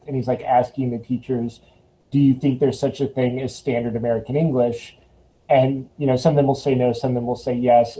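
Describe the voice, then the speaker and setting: Student guy on a zoom call, dark mellow voice, lots of likes and ums. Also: medium pitch, rough recording. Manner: casual, hedging, many likes and ums. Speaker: student, panel participant. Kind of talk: casual discussion on video call. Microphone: video call.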